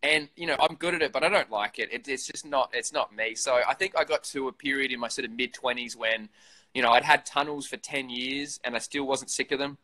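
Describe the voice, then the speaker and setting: A man's voice: medium pitch, fairly even intonation, brisk, pushed and bright, rough recording. A man in his thirties with an Australian accent, chatting casually as an interview guest, swearing freely and laughing often. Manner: profane, laid-back, laughs often. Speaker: interview guest, vape reviewer. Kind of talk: casual chat.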